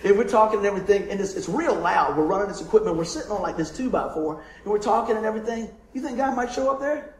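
A man preaching a sermon, telling stories in a lively way and calling out for amens from his congregation. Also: high voice, quick pace. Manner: lively storytelling, calls for amens. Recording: roomy echo.

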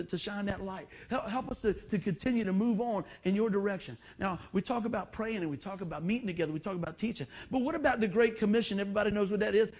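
High, husky preacher man. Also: darkish tone. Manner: folksy storytelling, acts out quoted voices. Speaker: pastor. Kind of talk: sermon. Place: church.

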